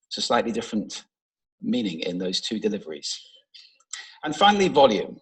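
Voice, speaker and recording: Lively, playful man giving a stage talk. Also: fairly low pitch, fairly quick, pauses often, slightly rough, rough recording. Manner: expressive, playful, demonstrates voice techniques. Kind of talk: public talk with vocal demonstrations. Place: large stage before an audience. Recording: played from a talk recording.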